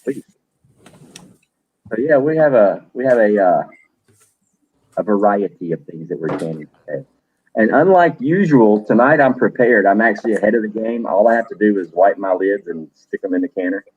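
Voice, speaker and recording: A man's voice: fairly low pitch, lively intonation, moderate pace, narrow, tinny audio, a little hiss or hum. A middle-aged man hosting a livestream, chatting loosely, cursing now and then and greeting viewers by name. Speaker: livestream host. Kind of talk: casual livestream chat.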